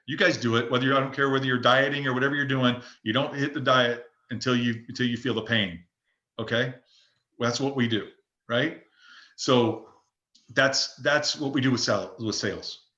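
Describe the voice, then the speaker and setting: A man leads an open forum for real estate agents and coaches them in an emphatic, looping way, with many restarts. His voice is bright and forceful. The recording has a noticeable roomy echo. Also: medium pitch, dull audio. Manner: emphatic, repetitive, frequent restarts.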